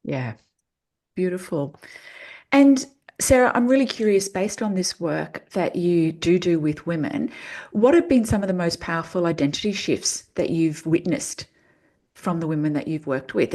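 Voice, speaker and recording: A woman hosts a podcast, asking curious questions and answering with warm little affirmations. Her voice sits a bit low. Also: moderate pace. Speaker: podcast host. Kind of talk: interview questions.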